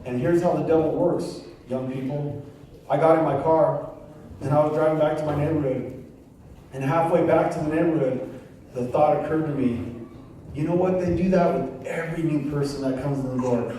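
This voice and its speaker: A man's voice: on the high side, normal speed, warm tone, a little hiss or hum. A man giving a sermon testimony, telling his story with acted-out voices and bits of street slang. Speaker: guest pastor. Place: church sanctuary. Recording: echoey room from a far mic with faint ambience.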